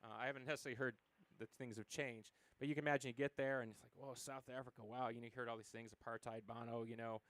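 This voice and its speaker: Interview guest: fast, smooth-voiced American man in his forties, rambling storyteller, dry close sound. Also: medium pitch, level tone, fairly bright tone, no room sound. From United States. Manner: rambling storyteller, many fillers and acted quotes. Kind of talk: casual interview conversation.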